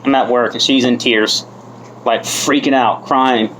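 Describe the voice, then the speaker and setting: A man's voice: mid-range voice, fairly even intonation, measured pace, fairly bright tone, slight background noise, poor audio. A man in his thirties from the United States, giving a candid personal testimony at a recovery meeting. He mocks himself and swears freely. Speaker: speaker sharing his story at a recovery meeting.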